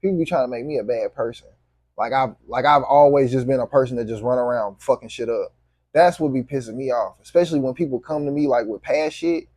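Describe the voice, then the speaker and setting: A man's voice: medium pitch, fast talker, a little mellow, no room sound, studio quality. A man vlogging to camera, venting in a heated, profane, repetitive way.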